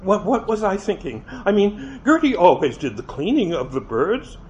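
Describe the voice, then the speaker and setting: A man reading a first-person novel aloud, expressive, with occasional slips and restarts, on a dull lo-fi recording with faint hiss. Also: high voice, normal speed. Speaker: reader.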